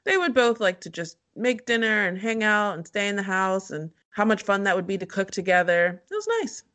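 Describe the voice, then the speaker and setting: A woman co-hosting a podcast in casual chat, recapping a reality show and acting out quotes. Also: brisk. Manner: animated, acts out quotes with big pitch jumps. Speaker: podcast co-host.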